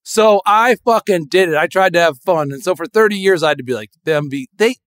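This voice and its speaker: A Connecticut comedian in his fifties, appearing as a podcast guest, rants with plenty of profanity in casual chat and mocks people using loud, high-pitched put-on voices. The recording is brisk and dry, with clean studio sound.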